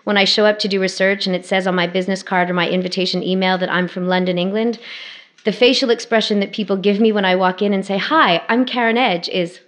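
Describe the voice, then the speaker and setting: Woman, around 40, academic speaker, public lecture, wry humor, brisk conversational delivery. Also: mid-range voice, level tone. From Canada.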